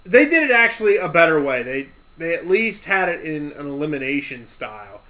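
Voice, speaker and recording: A man's voice: fairly high pitch, sing-song, fairly quick. A man casually ranting on a podcast, telling a story in a rambling, loose way with restarts. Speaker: podcast host. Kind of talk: casual rant. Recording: dull lo-fi audio.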